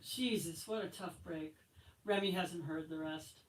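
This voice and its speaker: A woman's voice: on the low side, unhurried, slight background noise, lightly acted. Woman reading as a shaken middle-aged father. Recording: echoey room from far off.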